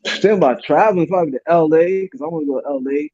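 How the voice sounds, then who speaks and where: A man from New York with a New York accent, co-hosting a casual sports podcast in animated, slangy banter. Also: a little high, fast talker. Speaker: podcast co-host. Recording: dull lo-fi audio.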